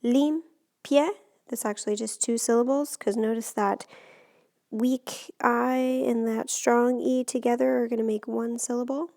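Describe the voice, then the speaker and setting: A woman's voice: fairly high pitch, level tone, normal speed, gravelly, mellow. A woman teacher explaining Spanish grammar step by step in a patient, recorded lesson.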